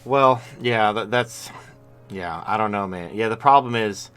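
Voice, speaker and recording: A man's voice: lowish voice, unhurried, fairly bright tone, smooth, soft background music. A man hosting a live-stream talk show, talking in blunt, rambling casual commentary with frequent restarts. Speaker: show host.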